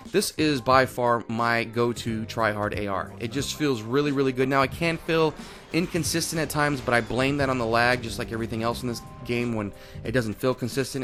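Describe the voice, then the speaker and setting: A man's voice: mid-range voice, a bit bright. A man hosting a gaming channel, giving chatty, rambling, upbeat commentary over gameplay.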